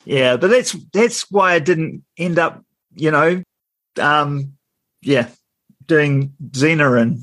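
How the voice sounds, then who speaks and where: Speaking slowly in a fairly high, fairly bright voice, this New man sounds animated as he co-hosts a podcast. In the casual chat he rambles, cuts himself off and laughs a lot, with no echo on the audio.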